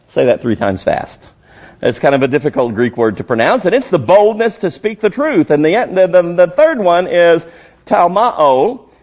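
A male pastor preaching a sermon emphatically, rising to loud high peaks and dropping to low quiet lines. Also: muffled recording.

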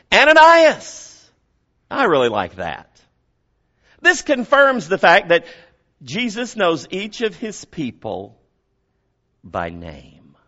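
In this sermon, a male pastor swings between hushed stretches and loud, emphatic moments, posing questions to his congregation. His voice is slightly high, and the audio sounds dull.

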